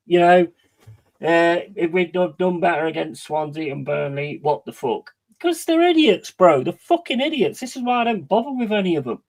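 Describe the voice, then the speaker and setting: A man's voice: fairly high pitch, animated, brisk, darkish tone, rough recording. A man streaming a football watch-along, talking in a heated, blunt, sweary casual rant. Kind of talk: casual ranting stream chat.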